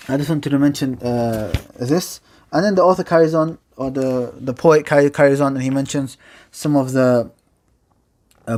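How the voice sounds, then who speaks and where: Man teaching Arabic grammar, fairly high voice. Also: a little mellow. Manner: explains step by step, reciting Arabic verse quickly between English explanations. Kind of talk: classroom lecture.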